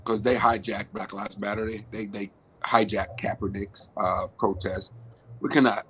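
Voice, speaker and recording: A man's voice: on the low side, level tone, normal speed, a bit bright, slight background noise. Frustrated man laughing through a rant. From Washington, D.C. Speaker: panelist. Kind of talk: casual panel discussion.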